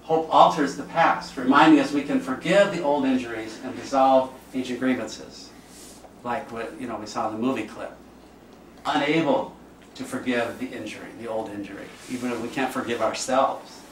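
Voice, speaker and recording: A man's voice: medium pitch, fairly even intonation, moderate pace. A man, a priest, giving an informal, conversational teaching talk and acting out the voices of people he quotes. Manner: conversational, acts out quoted speech. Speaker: priest leading a class. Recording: echoey room, distant mic, faint noise.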